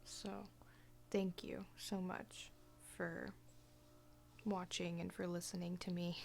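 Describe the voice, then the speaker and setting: A young woman talking casually in a personal vlog, soft-spoken and often half-whispering, hesitant with lots of fillers. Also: lowish voice, level tone, takes it slowly, gravelly, a little hiss or hum. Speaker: vlogger.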